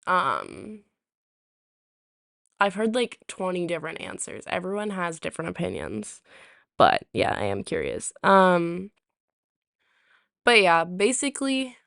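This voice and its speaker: A woman's voice: lowish voice, very animated, unhurried, creaky, a bit bright, dry recording, studio quality. A woman streamer chatting casually on a live stream, rambling with lots of ums, her throat sore and a little rusty. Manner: rambling, full of ums and restarts. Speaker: live streamer reading chat.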